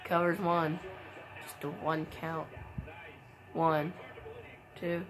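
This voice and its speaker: A woman giving casual play-by-play commentary on a wrestling video game, with excitable exclamations and sudden shrieks. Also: low-pitched, drawn-out words, background noise. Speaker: gameplay commentator.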